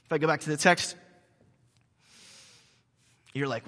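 Man, pastor, sermon, a little high, bright, lively joking storytelling, restarts, echoey church hall. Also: unhurried. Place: church sanctuary.

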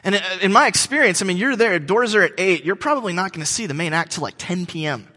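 A pastor in his thirties preaches a sermon in a church hall with long reverb, telling jokes and stories. His high, sharp voice is fast with lively intonation, and he uses many fillers and restarts.

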